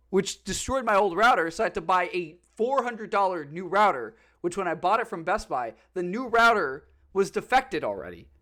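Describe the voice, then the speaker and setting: A man telling stories on a casual podcast, swearing freely and acting out the people he talks about. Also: high-pitched. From Florida. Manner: animated storytelling, swears often, acts out callers. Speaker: podcast host. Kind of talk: casual chat.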